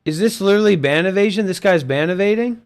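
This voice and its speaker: Male voice chat host, slightly high, crude and abrasive. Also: fast, smooth. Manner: crude, swearing, insulting. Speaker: host of an online voice chat stage. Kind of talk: casual chat. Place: online voice chat.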